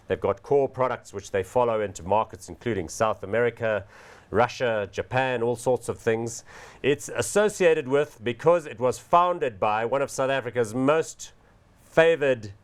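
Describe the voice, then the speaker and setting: A man hosting a business television show, giving punchy, emphatic market commentary and questioning his guest. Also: mid-range voice.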